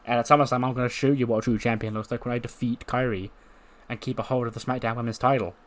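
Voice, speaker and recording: A man's voice: medium pitch, steady tone, fast, natural voice. A man voicing an arrogant woman wrestling champion who mocks her rivals condescendingly. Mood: mocking. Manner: mocking and condescending.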